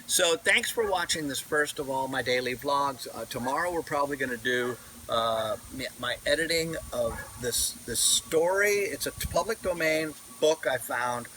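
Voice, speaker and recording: A man's voice: mid-range voice, expressive, normal speed, few pauses, sharp tone, slight background noise, low-quality recording. A man, vlogging casually outdoors into his camera mic, digressive, with many fillers and restarts. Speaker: vlogger and audiobook narrator. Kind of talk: casual rambling vlog talk. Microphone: camera mic, no wireless mic.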